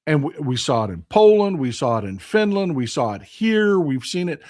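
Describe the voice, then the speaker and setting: A man's voice: a little high, big pitch swings, normal speed, a little mellow, dry recording, studio quality. A man hosting a live stream, chatting in a folksy, rambling way as he reads viewer comments. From Texas. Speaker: host of a live call-in stream. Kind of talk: casual chat reading viewer comments.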